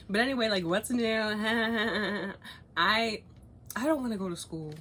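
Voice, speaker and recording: A young woman vlogging in casual chat, animated, swearing freely and laughing often as she rambles. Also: mid-range voice, takes it slowly, slightly rough. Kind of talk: casual chat, cookie review and gossip.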